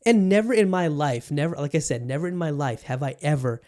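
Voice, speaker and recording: A man's voice: fairly high pitch, fairly quick, darkish tone. A man in his thirties from Bangladesh, a podcast host telling a story in a casual, rambling way, swearing freely and leaning on fillers. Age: 30s. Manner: profane, rambling, frequent fillers.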